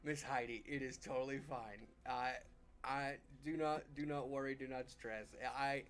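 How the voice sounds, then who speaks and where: A man voicing a polite, soft-spoken male dwarf cleric who talks in hesitant, apologetic restarts. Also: mid-range voice, fairly even intonation, a little slow, close to an everyday voice. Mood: gentle, polite.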